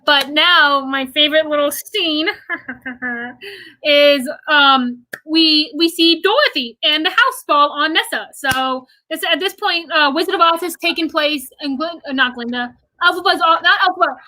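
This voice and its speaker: A young woman with a high, bright voice chats excitedly on a livestream, full of ums and likes. The sound is close and dry. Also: dry recording, rough recording. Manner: quick, excited recounting with many fillers. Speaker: guest, theater fan. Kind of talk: casual livestream chat.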